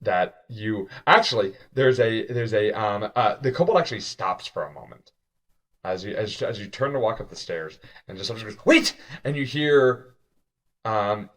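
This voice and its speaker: A man's voice: lowish voice, expressive, moderate pace. A man narrating a tabletop game as game master, casual and rambling, with many restarts.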